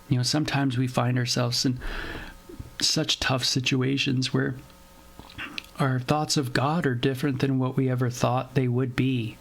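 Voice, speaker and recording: A man's voice: medium pitch, unhurried, vocal fry. A man hosting a casual Bible devotional, reading scripture and retelling it in loose everyday slang. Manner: conversational, animated, paraphrases scripture in everyday slang. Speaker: devotional host.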